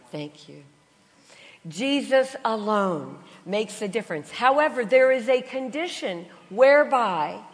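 A woman preacher, a little stuffy from a cold, who tells funny stories unhurriedly and slips into other people's voices. Her pitch sits in the middle range. Her voice carries with a long reverb across a large hall. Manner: storytelling, puts on voices, laughs between lines. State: has a cold. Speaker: Christian speaker. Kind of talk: sermon with humorous travel stories.

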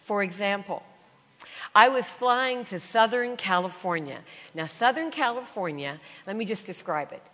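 Though she has a cold, this woman preacher delivers a Christian sermon full of funny travel anecdotes, imitating voices and laughing in between. She speaks at a normal rate with a mid-range, fairly bright voice and lively intonation, echoing with long reverb in a large hall.

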